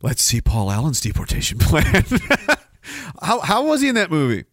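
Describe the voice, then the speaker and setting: A man's voice: a little high, wildly swooping pitch, normal speed, fairly bright tone, dry recording, studio quality. A man hosting a live show and reading chat, rambling and swearing, with sudden bursts of mock outrage. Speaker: podcast host reading chat. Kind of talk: casual livestream chat.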